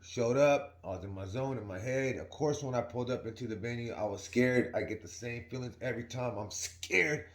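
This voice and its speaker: A man's voice: medium pitch, brisk, hardly any pauses, reverberant. A young man telling a story casually to his viewers in a slangy, rambling way, often asking "right?". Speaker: vlogger.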